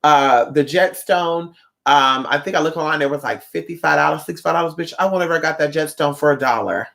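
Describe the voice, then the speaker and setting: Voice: mid-range voice, fairly quick, vocal fry. A livestreamer from Northern California chatting in a sassy, profane way and acting out quotes while welcoming viewers. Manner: sassy, profane, animated storyteller who acts out quotes. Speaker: livestreamer and spiritual shop-goer. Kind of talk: casual livestream chat.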